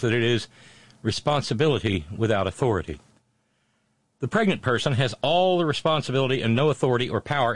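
A man's voice: medium pitch, dry recording. A male talk show host reading out listener messages and commenting on them in a conversational way, with many filler sounds and blunt, sardonic remarks.

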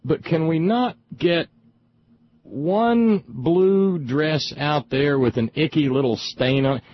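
A middle-aged man hosting a talk show, delivering an indignant, sarcastic political monologue with frequent halting repeats. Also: on the high side, dull audio, slight background noise. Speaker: talk radio host.

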